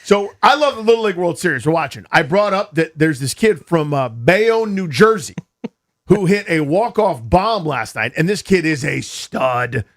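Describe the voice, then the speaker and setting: An American man with a fairly high voice speaks at a moderate pace while hosting a sports radio show. In a casual studio chat, he's animated and jokey, telling rambling stories into a studio microphone.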